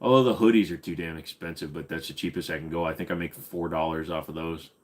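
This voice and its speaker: A man's voice: low-pitched, fairly even intonation, quick pace. A man hosting a casual live question-and-answer stream, rambling and swearing freely with lots of fillers. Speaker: livestream host.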